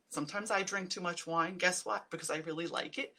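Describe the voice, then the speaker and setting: A woman's voice: on the low side, brisk, pushed and bright. A woman talking casually to viewers on a live stream as a stress relief coach, chatty and upbeat, often calling them guys. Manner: acts out quoted self-talk in changed voices.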